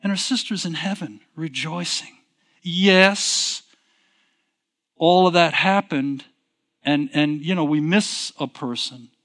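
A man's voice: on the high side, slow, long pauses, a bit bright. A male pastor telling a personal story in a sermon, conversational and rambling, often restarting with "so anyways". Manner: conversational, repeats himself, frequent "so anyways" restarts.

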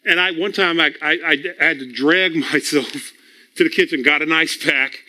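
A man's voice: fairly high pitch, normal speed, bright, forceful tone. A man preaching a conversational sermon, telling personal stories in a teaching tone, chuckling often and repeating words as he builds toward a point. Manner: storytelling, teaching tone.

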